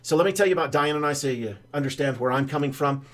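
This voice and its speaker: A man's voice: on the high side, fast. An older man, a financial advisor, telling a rambling story in a casual straight-to-camera explainer, with a lot of "uh" fillers. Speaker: financial advisor pitching whole-life insurance banking.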